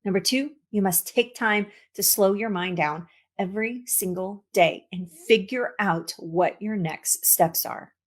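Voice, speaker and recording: A woman, a cancer coach, giving an expressive motivational talk, repeating words for emphasis and laughing at herself. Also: medium pitch, a little slow, few pauses.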